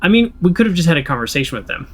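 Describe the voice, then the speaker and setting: A man's voice: fairly high pitch, very animated, very fast, a bit bright, breathy edge, faint music behind. An American man casually playing through a story game, reading the text aloud and rambling in jokes between choices. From United States. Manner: rambling, joking, with restarts. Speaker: let's play host.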